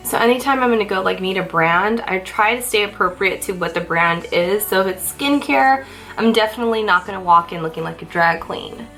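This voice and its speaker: Doing her makeup on camera, a young female beauty vlogger chats casually in get-ready-with-me style, a little out of breath and self-mocking. Her mid-range voice is expressive, pushed, and bright, running a little fast; the recording is low quality, with faint music behind her.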